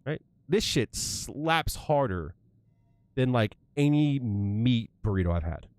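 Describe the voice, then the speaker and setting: A young man talking straight to his stream chat in a loose, profane, conversational way. His pitch is lively and climbs high as he rants. The sound is dry and close, with no room around it. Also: takes it slowly, no echo. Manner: animated, swearing, rising to worked-up rants. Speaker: livestreamer. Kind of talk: casual livestream chat.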